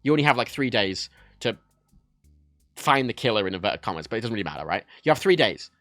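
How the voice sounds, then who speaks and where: A man riffs loosely on a livestream, doubling back to fix himself and dropping swears as he goes. His voice swings widely in pitch and has a bright, pushed edge. The sound is dry and close, with no room around it. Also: big pitch swings, fast talker, no echo, faint music behind. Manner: rambling, self-correcting, swears freely. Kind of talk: casual livestream chat about games.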